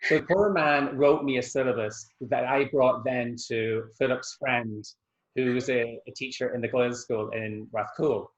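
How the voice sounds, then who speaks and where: A man's voice: mid-range voice, steady tone, normal speed, muffled recording. A man, an Irish dance teacher, chatting in an interview and telling anecdotes over a video call. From Scotland. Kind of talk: casual interview chat.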